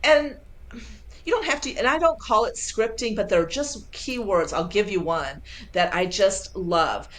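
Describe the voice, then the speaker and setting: A woman sales coach being interviewed over a video call, talking with lively enthusiasm and acting out quoted dialogue. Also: mid-range voice, a little slow. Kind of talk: casual interview.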